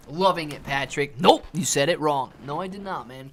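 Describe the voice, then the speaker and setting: A man's voice: a little high, brisk, few pauses, a little hiss or hum. A man from Ohio hosting a casual livestream, reading viewer chat aloud and talking trading in a laid-back, chummy way. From Ohio, USA.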